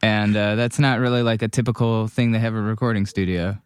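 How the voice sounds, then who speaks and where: A man's voice: on the low side, brisk, clean tone, no echo. A man co-hosting a podcast in a studio, chatting casually and joking around. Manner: joking, animated. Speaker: podcast co-host. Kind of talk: casual chat. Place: recording studio.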